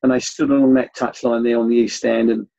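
An older man, a former youth coach, telling rambling anecdotes with many restarts in a relaxed interview. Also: mid-range voice, fairly quick, gravelly, no echo, dull audio.

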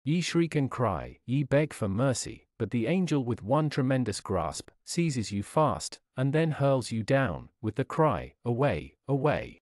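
Solemn male preacher, lively declamation. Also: mid-range voice, unhurried, hardly any pauses, dry recording, studio quality. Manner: solemn, declamatory, rises and falls dramatically. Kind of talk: reading a sermon aloud.

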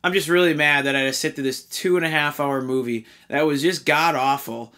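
A man's voice: a little high, steady tone, fairly quick, bright, forceful tone. A man hosting a casual film review, talking in an exasperated, rambling way with fillers and restarts.

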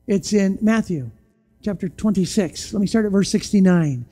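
Mellow-voiced preacher asking pointed questions. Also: moderate pace, faint music behind. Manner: animated, rhetorical questions, sudden drops to a quiet low voice. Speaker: pastor. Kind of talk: sermon. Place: church.

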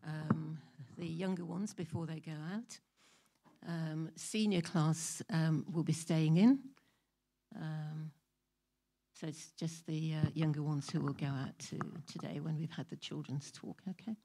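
A woman with a low, dark, husky voice gives church announcements. She hesitates often between phrases. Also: steady tone, a little slow. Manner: hesitant, filler-heavy. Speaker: church service leader.

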